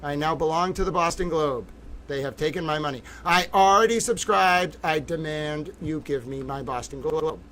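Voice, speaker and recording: Excitable livestream host, bright-voiced man. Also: on the high side, moderate pace, a little hiss or hum. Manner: excitable, theatrical, swings between mutters and shouts. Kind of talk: livestream commentary.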